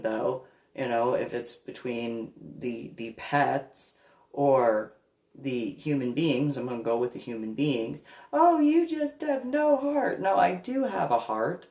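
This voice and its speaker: Animated woman telling a story in an echoey room. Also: rumbling low. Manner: animated, repeats words and exclamations. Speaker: reverend. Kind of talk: casual storytelling monologue.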